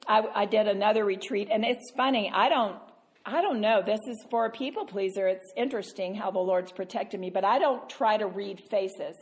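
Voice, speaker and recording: A woman Christian speaker telling a self-mocking story, animated and laughing often. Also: mid-range voice, moderate pace. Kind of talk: storytelling talk.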